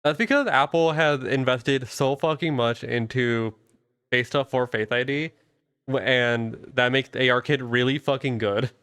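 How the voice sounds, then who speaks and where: A man's voice: medium pitch, measured pace, a bit bright, smooth, no echo, studio quality. A young man hosting a casual live stream as a VTuber, rambling loosely and swearing often.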